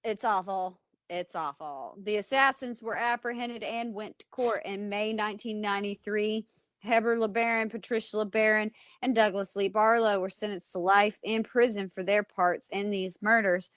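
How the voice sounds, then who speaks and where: American woman podcast co-host, mid-pitched, close and dry sound, casual blunt true-crime recap. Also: steady tone, moderate pace, fairly bright tone, no room sound. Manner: conversational, blunt, with fillers and asides.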